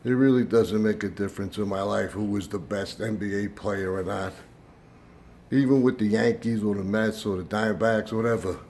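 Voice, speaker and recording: Speaking at a moderate pace to his camera, an older man with a low voice rambles through a casual story for his YouTube channel, leaning on fillers. His voice lifts into animated retelling, with slight background noise behind him.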